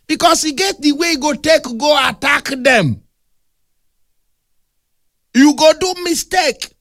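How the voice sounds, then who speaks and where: A man with a Nigerian accent preaching a humorous, animated sermon that mixes storytelling with playful big words. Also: very high-pitched, takes it slowly, no echo, clean studio sound.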